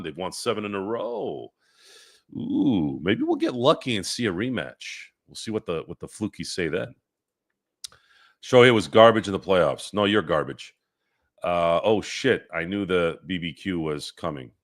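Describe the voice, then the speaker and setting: A man hosting a casual sports live stream, reading chat comments aloud and arguing back at them in rambling, restarting sentences. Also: lowish voice.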